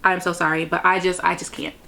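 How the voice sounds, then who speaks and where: A chatty young woman reviewing books in a casual, rambling way, full of "like" and asides to her viewers. Her voice sits fairly low for a woman, and she gushes warmly over the stories she loved. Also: level tone, quick pace, gravelly. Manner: chatty, gushing, lots of "like" and "you know what I mean". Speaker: book vlogger. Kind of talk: casual book review chat.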